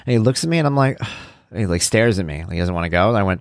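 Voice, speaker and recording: Speaking fast and with plenty of animation, this man's fairly low voice carries a rambling, casual monologue about parenting and his blog. As podcast host and parenting blogger, he's conversational and self-deprecating, and the studio-quality sound has no echo.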